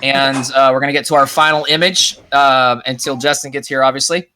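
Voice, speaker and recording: Bright-voiced man narrating as dungeon master. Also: medium pitch, fairly even intonation, brisk, slight background noise. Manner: descriptive storytelling with fillers. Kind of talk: narrating a tabletop game.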